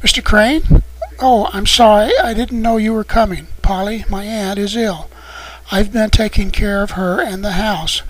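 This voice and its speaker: Man doing a nervous young woman caretaker in a storybook read, hurried and apologetic, slightly raised pitch. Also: fairly even intonation, low-quality recording. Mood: anxious. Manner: rushed, apologetic, words running together.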